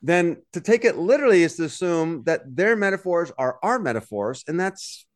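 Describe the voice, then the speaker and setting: A man co-hosting a casual podcast chat, telling stories and acting out quotes in an animated way. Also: on the high side, normal speed. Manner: animated storyteller, acts out quotes. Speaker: podcast co-host.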